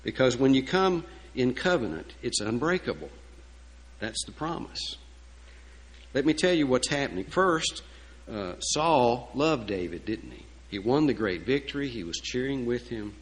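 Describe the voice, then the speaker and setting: A man's voice: medium pitch, sing-song, measured pace, rough recording. A man preaching a sermon in a folksy, emphatic way, with asides and fillers. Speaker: pastor.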